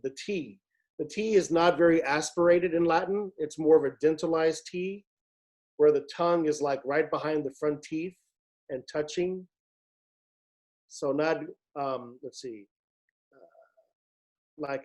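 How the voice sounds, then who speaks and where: A man's voice: fairly high pitch, unhurried, long pauses, darkish tone. A man directing a virtual choir rehearsal, patiently explaining Latin diction and demonstrating each sound. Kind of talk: online rehearsal instruction.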